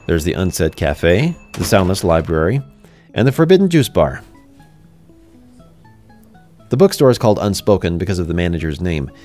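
A man's voice: low voice, very animated, moderate pace, long pauses, darkish tone, faint music behind. A man narrating a first-person fantasy story in a conversational way, speaking to the listener directly.

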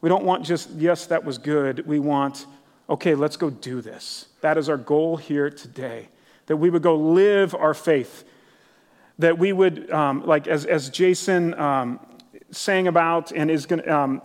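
A middle-aged man pastor giving a casual, enthusiastic sermon, peppered with "like" and "literally". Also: fairly high pitch. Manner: casual, enthusiastic, many "like" fillers. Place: church sanctuary. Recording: long church hall reverb.

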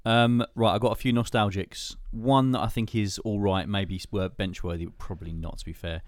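A man hosts a casual football chat, steering the rounds with a jokey manner. His voice sits fairly low and sounds dry and close. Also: steady tone, normal speed, dry recording. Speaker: podcast host.

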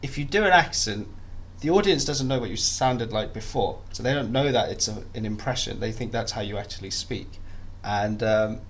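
A man's voice: on the low side, normal speed, hardly any pauses, slight background noise. A young man chatting as a podcast guest, self-deprecating and full of restarts. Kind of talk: casual interview chat.

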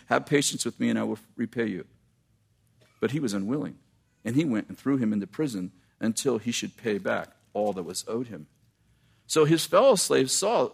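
In a husky, mid-range voice, a man delivers a sermon, reading scripture aloud and breaking away for quick, animated asides to the congregation.

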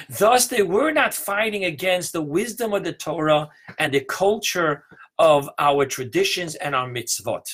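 Male preacher, slightly higher voice, emphatic, teaching sermon with slowed key words. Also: a bit bright. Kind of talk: sermon on Hanukkah mysticism.

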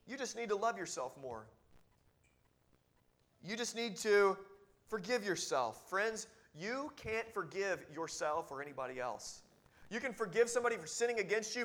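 A man preaching a sermon as pastor, earnest and exhorting, often dropping to a hushed, close tone. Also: sits high.

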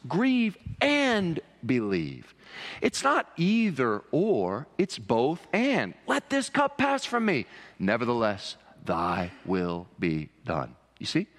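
Impassioned preacher in a reverberant church hall. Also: male voice, fairly bright tone. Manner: impassioned, rising high for emphasis. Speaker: pastor. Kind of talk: sermon. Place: church sanctuary.

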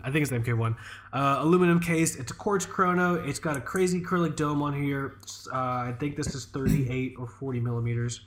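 A man co-hosting a podcast in casual chat, rambling and profane, full of fillers and restarts. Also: medium pitch. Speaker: podcast co-host.

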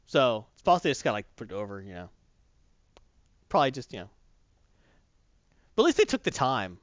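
A man's voice: medium pitch, very animated, fairly quick, no echo. A man hosting a comics podcast, rambling and chatty with lots of fillers, recorded dull and lo-fi. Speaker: comic book podcast host. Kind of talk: casual chat.

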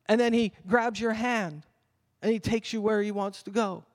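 An older man, a pastor, delivering an animated sermon that drops at times to a murmured prayer. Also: high-pitched, moderate pace. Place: church hall. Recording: long reverb of a church hall.

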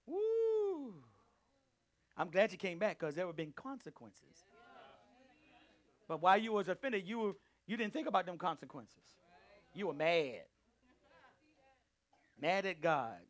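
A man teaching a Bible study, preaching emphatically and calling out to his listeners, swinging between loud and hushed delivery. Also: high voice, animated, normal speed, pauses often. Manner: emphatic, calls out to the group. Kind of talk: preaching to a live group.

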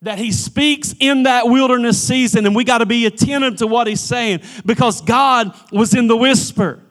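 A man preaching a church sermon, swinging from emphatic pleading to hushed, near-whispered lines and often repeating the first word of a phrase. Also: very high-pitched, moderate pace. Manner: repeats words at starts of phrases. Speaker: pastor.

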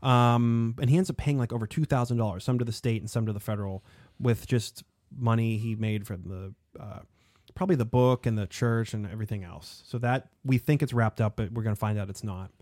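Animated man hosting a history podcast. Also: mid-range voice, a little fast, dry recording, studio quality. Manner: animated, digressive, frequent fillers. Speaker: podcast host. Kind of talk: casual podcast discussion of history.

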